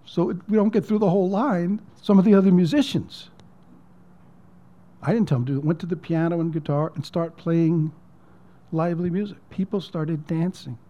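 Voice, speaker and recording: Pastor telling a story, lo-fi. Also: male voice, high voice, normal speed, mellow. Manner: conversational, repeats words, drops to near-whisper at emotional points. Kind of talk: sermon storytelling.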